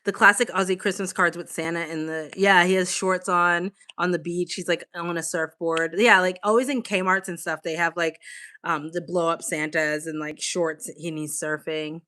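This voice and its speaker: A woman's voice: fairly low pitch, steady tone, moderate pace, pushed and bright. A young woman with a Boston accent, chatting casually on a live stream, swearing freely and answering her chat. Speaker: livestream host. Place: home, on a couch with a blanket.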